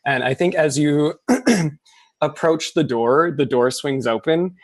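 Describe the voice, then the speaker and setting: Game master narrating casually, close dry sound. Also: male voice, a little high, takes it slowly, dry recording. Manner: casual, many fillers, laughs often.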